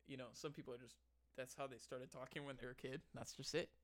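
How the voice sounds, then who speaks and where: A man's voice: medium pitch, level tone, no echo. Easygoing laughing podcast co-host, male. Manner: easygoing, laughs often, quick back-and-forth. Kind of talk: casual chat.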